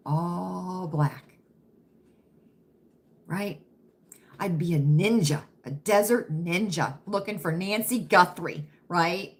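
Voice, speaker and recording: A middle-aged woman hosting a casual livestream, chatting with viewers, calling them friends and honey and often asking "right?". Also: lowish voice. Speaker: livestream host. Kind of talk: casual live chat with viewers.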